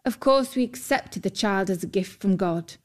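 A woman doing a gentle old fisherman. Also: mid-range voice, normal speed, natural voice. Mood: wistful.

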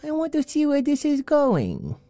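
A woman who chimes in with wry, deadpan remarks during an improvised comedy audio story. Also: high voice, unhurried. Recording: faint music underneath.

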